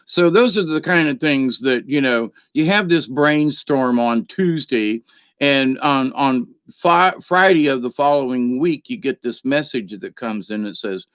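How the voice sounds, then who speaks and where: A man's voice: mid-range voice, animated, unhurried, fairly bright tone, clear, resonant tone, no room sound. A man hosting a spiritual channel, telling a meandering story at home by his computer, chuckling often and filling gaps with "you know.". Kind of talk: rambling casual storytelling monologue. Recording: dry, slightly dull lo-fi sound.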